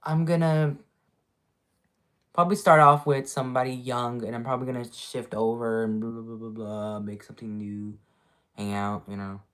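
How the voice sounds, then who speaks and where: A woman's voice: extremely low pitch, little pitch movement, moderate pace. A woman streaming casually, rambling with many fillers and talking to her viewers. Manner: repeats herself, trails off mid-sentence. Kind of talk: casual live-stream chat.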